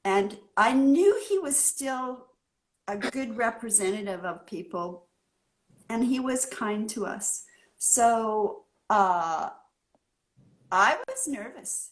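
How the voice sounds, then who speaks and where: A woman from California, a guest artist in a casual interview, telling her story in an animated way and acting out the scene. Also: a little high, slow.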